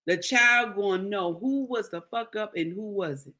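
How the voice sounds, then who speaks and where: A social commentator gives casual, preachy commentary, calling her listeners her sisters and repeating key lines for emphasis. Her voice is medium-pitched, a little slow, and pushed and bright.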